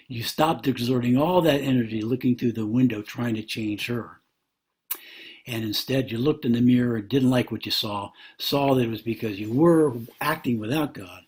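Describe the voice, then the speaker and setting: A man preaches in a very breathy, airy voice at a middle pitch. He teaches earnestly and repeats himself for emphasis, with his voice jumping up on rhetorical questions. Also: normal speed, darkish tone. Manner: earnest, repetitive, rises sharply on rhetorical questions. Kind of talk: sermon-style teaching.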